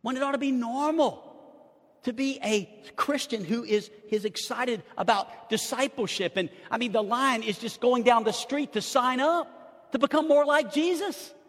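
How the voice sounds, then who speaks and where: A middle-aged man preaching a sermon as pastor, impassioned, swinging between loud outbursts and hushed asides, with stammered restarts. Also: very high voice, normal speed. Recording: long hall reverb.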